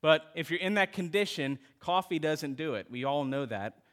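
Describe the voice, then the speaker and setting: A man's voice: on the high side, moderate pace. A middle-aged man preaching a sermon, talking to the congregation, asking them questions and telling stories. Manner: animated preaching with audience call-outs and storytelling. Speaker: pastor.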